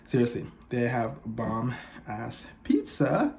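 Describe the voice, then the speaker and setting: A man's voice: medium pitch, very animated, slow pace, vocal fry, darkish tone, low-quality recording. A young man chatting casually to camera while eating at home, swearing, laughing at himself and now and then a little out of breath. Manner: chatty, swearing, self-mocking, laughs often. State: slightly out of breath. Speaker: vlogger. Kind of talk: casual mukbang vlog chat. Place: home apartment, indoors. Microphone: camera set in front.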